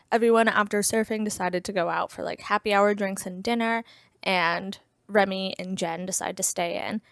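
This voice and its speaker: A woman's voice: medium pitch, no room sound, clean studio sound. A woman giving a casual, chatty plot recap as a book reviewer, full of "like" fillers and wry asides.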